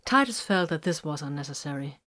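A woman reading a story aloud in a steady, measured narration. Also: deep voice.

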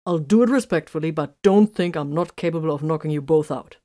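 A woman voicing a calm, unflappable male tech soldier in a read-aloud story, speaking in an even, dry way. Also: low voice, a little fast, natural voice.

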